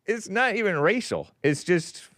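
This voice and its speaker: A man's voice: high-pitched, sing-song, moderate pace, a bit bright, no echo, clean studio sound. A man hosting a call-in show, chatting casually and agreeably, chuckling often.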